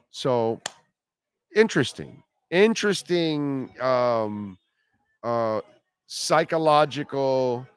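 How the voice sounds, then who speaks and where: A middle-aged man hosting a sports talk radio show, talking casually, bluntly and rambling, often repeating himself. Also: mid-range voice.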